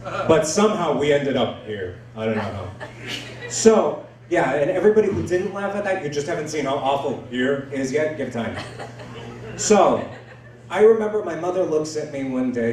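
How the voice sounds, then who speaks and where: A man's voice: on the high side, a little mellow. A man doing a stand-up set, joking crudely and self-deprecatingly with the crowd from a comedy club stage. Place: comedy club stage before a live audience. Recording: roomy club sound from far off.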